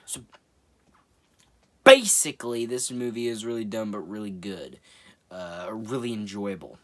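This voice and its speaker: A man's voice: on the low side, animated, measured pace, fairly bright tone. Man rambling through a movie review. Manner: rambling and amused, laughs often, swears casually.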